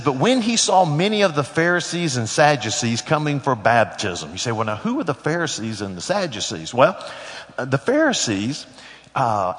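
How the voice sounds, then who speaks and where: A man's voice: medium pitch, fairly bright tone. A middle-aged man preaching a sermon as pastor, folksy and conversational with joking asides. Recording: long hall reverb.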